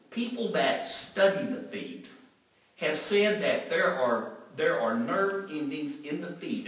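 Guy preaching a sermon, lively up-and-down voice, far from the mic, faint hum behind. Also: on the high side. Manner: earnest, emphatic, repeats key phrases. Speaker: pastor. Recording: echoey room, from far off, faint background hum.

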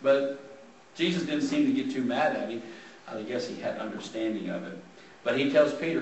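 A man's voice: medium pitch, moderate pace, a little mellow, a little hiss or hum. A man preaching a sermon in a church hall, talking casually as he reads scripture aloud and explains it. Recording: roomy sound from a distant mic.

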